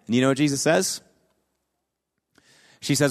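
A pastor preaching a sermon in a conversational way, building to emphatic peaks. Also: male voice, mid-range voice, animated, brisk, long pauses.

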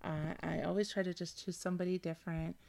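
A woman hosts a motivational podcast and gushes with excitement as she guides listeners through a visualization. She calls them honey. Her voice sits on the lower side and has a steady gravelly fry. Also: quick pace. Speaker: podcast host.

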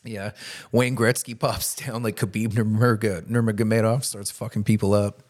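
A man co-hosting a podcast in casual chat, rambling and joking excitably. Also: fairly low pitch, normal speed. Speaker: podcast co-host.

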